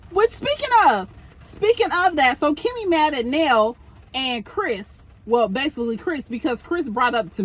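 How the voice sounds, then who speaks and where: A woman's voice: fairly high pitch, a bit bright. A woman giving blunt, opinionated commentary on a reality show in a casual, exasperated way. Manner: blunt, exasperated, talks to the show's people directly.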